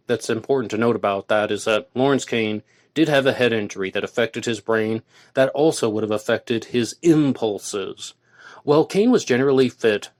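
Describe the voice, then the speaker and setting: A man hosts his own podcast alone, with a voice of ordinary middle pitch for a man. He reads passages aloud and then argues against them point by point, in a steady conversational way. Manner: argumentative, reads quotes aloud and rebuts them. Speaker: podcast host. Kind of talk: solo podcast commentary.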